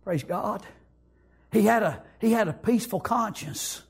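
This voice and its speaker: Fervent preacher man with a gravelly, husky voice. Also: sits high. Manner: fervent, breaks into shouts, fills pauses with "praise God" and "amen". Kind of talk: impassioned sermon.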